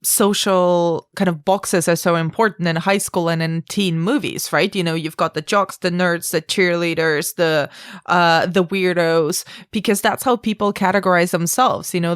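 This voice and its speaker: A woman co-hosting a film podcast with a somewhat low voice, recorded dry and close. She talks things through in a thoughtful, reflective way and swears casually now and then. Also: fairly even intonation, unhurried, clear, resonant tone, dry recording. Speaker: podcast co-host. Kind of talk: casual film discussion chat.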